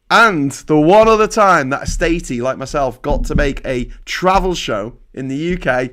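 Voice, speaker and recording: A man's voice: medium pitch, moderate pace, few pauses, sharp tone. A man from Liverpool rambles through a casual livestream. He swears freely, mocks himself and drifts between personal stories and political commentary. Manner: rambling, sweary, self-mocking. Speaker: livestream host. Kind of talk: casual live-stream chat and political commentary.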